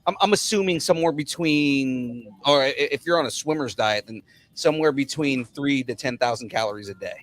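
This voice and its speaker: A man's voice: mid-range voice, fairly quick, hardly any pauses. A man co-hosting a podcast, easygoing, often repeating words as he speaks. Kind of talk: casual podcast chat.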